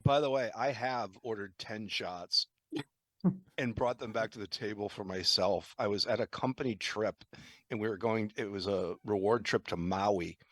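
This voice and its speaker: A man's voice: fairly low pitch, moderate pace, fairly bright tone, no room sound. A man co-hosting a podcast, telling a rambling anecdote with lots of "like". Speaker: podcast co-host. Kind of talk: casual storytelling.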